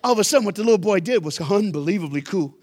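A man giving a storytelling sermon as a guest youth speaker in a church, animated and conversational, with sudden emphatic bursts. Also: sits high, very fast.

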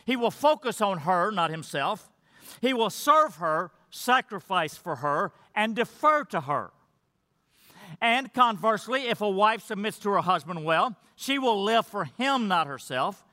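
A man's voice: high-pitched, big pitch swings, measured pace, bright, forceful tone. A man preaching a sermon to his church, reading scripture and stressing points through earnest repetition. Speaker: pastor. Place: church sanctuary. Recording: church hall reverb.

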